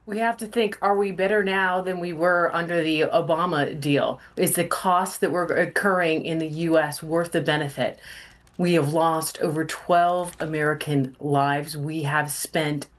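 A woman political commentator on a news panel makes her case through pointed rhetorical questions. Her voice is very low for a woman. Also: fairly even intonation, unhurried.

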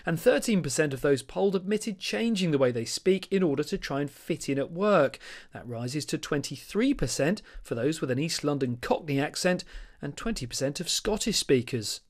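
A man narrating a scripted news report in a steady, even way. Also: on the high side, moderate pace.

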